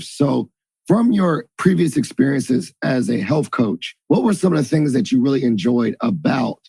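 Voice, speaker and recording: A man's voice: mid-range voice, vocal fry, warm tone, husky, no room sound. A man hosting a podcast, chatting loosely and joking as he introduces his guest. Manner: chatty, jokey, loose and rambling. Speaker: podcast host. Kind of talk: casual interview chat.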